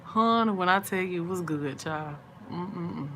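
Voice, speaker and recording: Late at night, a middle-aged woman chats casually with viewers on a livestream, sleepy and yawning. Her slightly low voice moves at normal speed, stretching words out in a relaxed, chatty way with soft murmured asides, over a faint hiss.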